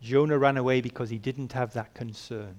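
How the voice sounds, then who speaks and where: A man preaching a sermon, asking rhetorical questions and swinging between soft and emphatic delivery. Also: medium pitch, fairly even intonation, fairly quick.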